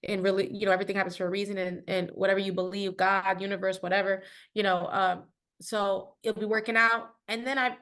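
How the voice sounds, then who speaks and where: A woman's voice: medium pitch, level tone, fast talker, a bit bright. A woman guest on a podcast, chatting in a reflective, casual way with plenty of fillers. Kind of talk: casual interview chat.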